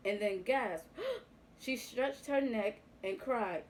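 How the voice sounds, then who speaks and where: A woman reading a picture book aloud to young children, with a gentle, expressive storytelling manner. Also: fairly high pitch, slow pace, slight background noise, rough recording.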